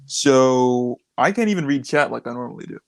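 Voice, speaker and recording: A man's voice: mid-range voice, expressive, moderate pace, no room sound. A man co-hosting a casual live stream chat, joking and playfully defensive, speaking through a phone connection. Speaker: co-host. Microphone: phone on mobile data.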